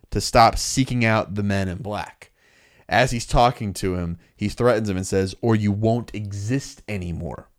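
A man co-hosting a podcast in casual chat, animatedly retelling a comic's plot and acting out the lines. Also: lowish voice. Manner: animated storytelling, acting out dialogue. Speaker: podcast co-host recapping a comic.

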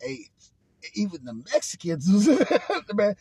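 A man's voice: high voice, huge pitch swings, slow pace, warm tone, husky, dry recording. A man co-hosting a podcast in casual chat, laid-back and joking, cursing freely.

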